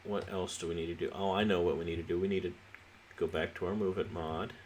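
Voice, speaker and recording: Low-voiced man thinking aloud over gameplay. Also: quick pace, slight background noise. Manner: relaxed, thinking aloud with restarts. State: sleepy, yawning. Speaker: let's play host. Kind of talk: casual gameplay commentary.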